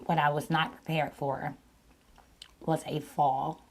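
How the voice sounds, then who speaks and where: Woman, mukbang host, sore throat; low, unhurried, casual storytelling. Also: level tone. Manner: slow, deliberate retelling with repeats. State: sore throat, partly lost voice. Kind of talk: casual storytelling to viewers while eating.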